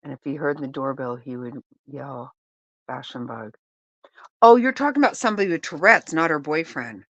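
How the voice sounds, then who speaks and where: A woman's voice: low voice, lively intonation, brisk, hardly any pauses, a bit bright, no room sound, lo-fi sound. A middle-aged woman hosting a casual live-stream chat, laughing often and exclaiming in disbelief as she reads and reacts.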